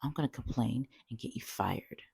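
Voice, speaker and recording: A woman's voice: rumbling low, moderate pace, gravelly, warm tone, breathy edge, no room sound, studio quality, exaggerated voice. A woman voicing a defensive, demanding woman caller. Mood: indignant.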